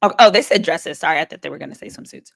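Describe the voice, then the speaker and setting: Sassy woman lawyer live-streaming, gravelly. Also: sits low, racing. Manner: chatty, sassy asides to the chat. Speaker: lawyer host of a live legal commentary stream. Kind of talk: live-stream commentary reading chat.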